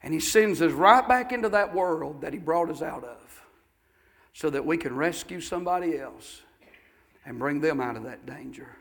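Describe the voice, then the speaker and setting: A man's voice: fairly high pitch, lively intonation, moderate pace, a bit bright. A male pastor preaching a sermon, telling folksy stories with fervor and repeating his phrases.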